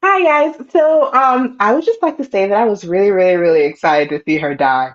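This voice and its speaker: Woman co-host, lively recap chat, acts out scenes in voices, a little lo-fi. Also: medium pitch, fairly quick. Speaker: show co-host.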